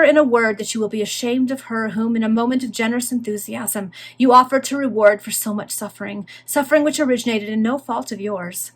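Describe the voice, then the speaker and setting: A woman's voice: a little high, natural voice. A woman reading aloud and voicing an emotional, pleading young noblewoman who speaks in impassioned, formal phrases. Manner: impassioned, formal old-fashioned speech. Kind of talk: reading a Victorian novel aloud.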